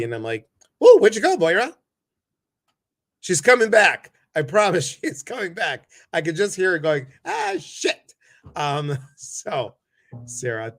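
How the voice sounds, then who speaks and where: A man's voice: mid-range voice, fairly bright tone, no echo. A man hosting a casual livestream chat over a video call, effusive and greeting many viewers by name. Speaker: host.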